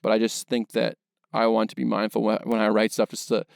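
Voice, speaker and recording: A young male podcast co-host talks through his film opinions in a loose, rambling way, piling up fillers and restarting sentences. His voice has a gravelly, fry-heavy edge. The sound is dry and close, with no room around it. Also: lowish voice, monotone, a little fast, no echo. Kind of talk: casual film discussion.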